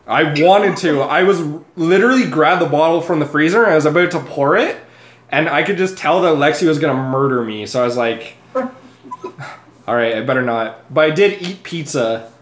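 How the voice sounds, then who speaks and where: A man's voice: a little high, a little fast. A young man, a podcast co-host, tells a story in casual chat, swearing freely and laughing at himself. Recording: echoey room.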